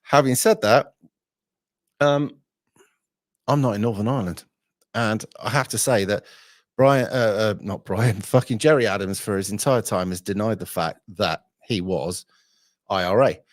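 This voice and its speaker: Male streamer, rambling and sweary, slightly low voice, dry close mic. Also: unhurried, pauses often, no echo. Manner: blunt, sweary, rambling with fillers. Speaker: livestream host. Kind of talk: casual livestream chat.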